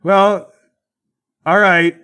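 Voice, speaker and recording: A man's voice: high voice, fairly even intonation, extremely slow, smooth, voice pushed up, exaggerated voice. A man voicing a gullible, whiny male prison guard in a tabletop game. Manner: whiny, loud.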